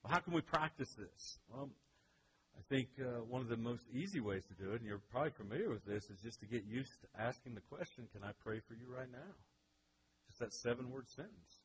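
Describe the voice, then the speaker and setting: A man preaching a sermon as pastor, earnest and conversational, slowing down for emphasis. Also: mid-range voice, lively intonation, noisy background.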